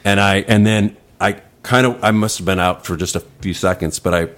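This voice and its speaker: Man, lowish voice, loose rambling storyteller with lots of restarts; podcast guest. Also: fairly even intonation, brisk, fairly bright tone. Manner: rambling, acts out voices in quotes. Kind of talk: casual storytelling.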